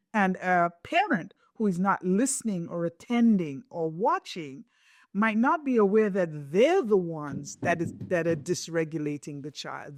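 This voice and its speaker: A woman's voice: fairly low pitch, dry recording, studio quality. A middle-aged woman hosting a podcast, explaining in a reflective, conversational way and often checking in with "right?". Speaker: podcast host.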